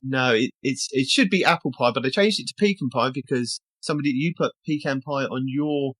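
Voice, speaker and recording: A podcast host casually chatting and reading out game tasks in a brisk way. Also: medium pitch, a bit bright, husky, no room sound.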